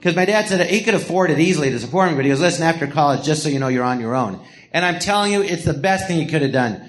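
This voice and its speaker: A man's voice: on the high side, very fast. A middle-aged man from the Los Angeles area, telling stories in a casual interview with lots of laughter and acted-out quotes. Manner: animated, laughing storyteller who acts out quotes. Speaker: podcast host telling stories. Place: small live theater.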